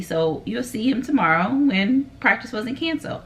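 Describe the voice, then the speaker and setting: A woman's voice: medium pitch, expressive, brisk, hardly any pauses, slight background noise. A woman guest in a vlog Q&A, speaking bluntly and frankly about her own stubbornness. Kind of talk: candid friendship Q&A chat.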